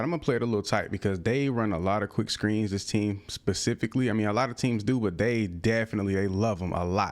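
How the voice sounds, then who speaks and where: Low-voiced young man narrating gameplay. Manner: casual slang-filled talk, bursts of excited frustration. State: out of breath. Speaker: gaming creator. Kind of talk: live gameplay commentary.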